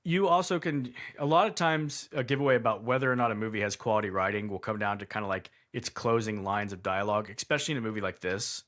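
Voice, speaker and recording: A man's voice: on the low side, fast, hardly any pauses, fairly bright tone. A man co-hosting a casual movie review chat, rambling and restarting his sentences, incredulous at bad writing. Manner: rambling, self-interrupting, incredulous. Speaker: podcast co-host.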